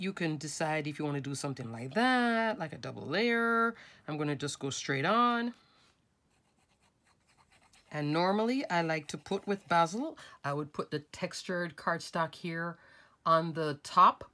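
Working with her hands step by step, a woman leads a craft tutorial in a chatty, instructive way. She speaks in a low voice with a fairly bright tone.

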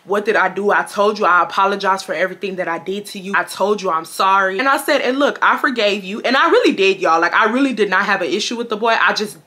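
A woman in her twenties from Houston tells a storytime straight to her viewers, her voice bright and sharp. She talks in a loose, slangy way, swears freely and leaps into high shrieks whenever she acts out what someone said. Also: fast, few pauses. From Houston, Texas. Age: 20s. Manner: animated, slangy, swears often, jumps into high shrieks when quoting. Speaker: storytime vlogger. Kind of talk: casual storytelling to camera.

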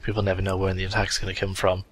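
A man's voice: low-pitched, monotone, very fast, slight background noise. A young man giving sardonic, crude gaming commentary, his voice cracking a bit. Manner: sardonic, crude, swears a lot. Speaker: let's play host.

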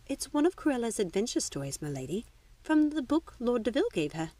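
A woman's voice: fairly high pitch, sing-song, brisk, dark tone, dry recording, far from the mic, pitched above the performer's own voice. A woman voicing a proper, attentive governess who speaks politely and deferentially.

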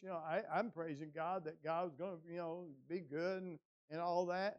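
An older male pastor in a church, his voice sitting slightly high for a man. He tells his story haltingly, with many "and, uh" restarts, then rises into emphatic preaching. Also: fairly even intonation, lo-fi sound. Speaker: guest pastor. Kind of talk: sermon with personal story. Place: church sanctuary.

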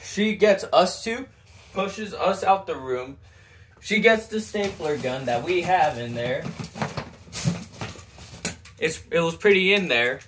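High-voiced young man telling a story. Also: slow, long pauses, a little hiss or hum. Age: teens. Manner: storytelling, animated with sudden loud outbursts. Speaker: student actor. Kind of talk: comic monologue performance.

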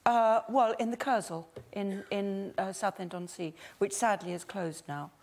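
A woman's voice: medium pitch, fairly even intonation, measured pace, darkish tone. A woman with a playful, giggly manner, telling a story as a talk show guest. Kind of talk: chat show anecdote.

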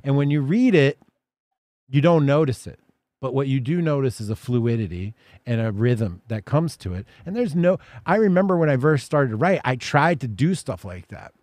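A man's voice: mid-range voice, lively intonation, normal speed, a little mellow, no echo. A man hosting an interview, talking at length in a reflective way. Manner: reflective, talks through ideas at length. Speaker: podcast host. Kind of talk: conversational interview.

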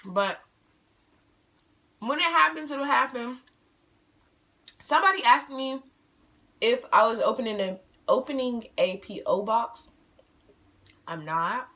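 A woman's voice: on the high side, lively intonation, slow pace, long pauses, sharp tone. An eighteen-year-old woman chatting casually to her viewers at home in a Q&A vlog, bubbly and playful, teasing herself as she talks. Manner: bubbly, talkative, playful self-teasing, addresses viewers as y'all. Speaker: vlogger.

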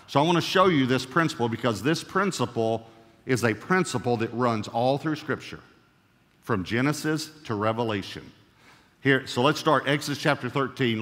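A man preaching a sermon as pastor, emphatic, slowing right down to stress key words and repeating them. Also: medium pitch, a bit bright. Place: church sanctuary. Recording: reverberant church hall.

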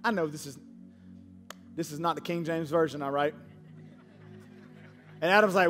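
A man's voice: on the high side, moderate pace, long pauses, fairly bright tone, long reverb tail, faint music behind. A man pastor preaching a sermon as a dynamic, slangy storyteller who acts out the dialogue. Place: church auditorium.

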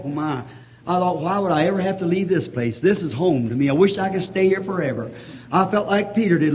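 A man preaching a revival sermon, telling a story in a hushed voice and then breaking into excited shouts of praise. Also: on the high side. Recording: dull lo-fi archival tape.

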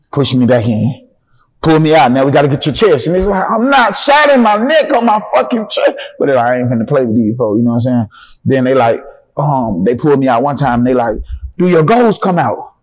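A man's voice: medium pitch, quick pace. A young man from Atlanta with a Southern accent, a guest in a casual interview, telling his story with lots of swearing and acting out the other people's lines. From Atlanta, Georgia. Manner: animated, profane storytelling with acted-out dialogue.

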